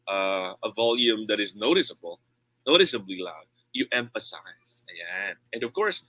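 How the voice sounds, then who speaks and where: A man's voice: medium pitch, no room sound, rough recording. A young adult man with a Filipino accent teaching an online speech lesson, switching between English and Tagalog and often checking in with "okay?". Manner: demonstrates loud and soft volume while teaching.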